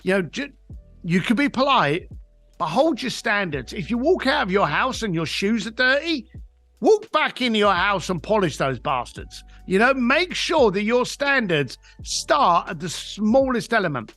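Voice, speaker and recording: A man's voice: sits high, a little slow, dry recording, soft background music. A man, a coach and author telling emphatic stories as a podcast guest and acting out the quotes. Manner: animated storyteller, emphatic, acts out quotes. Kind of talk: podcast interview storytelling.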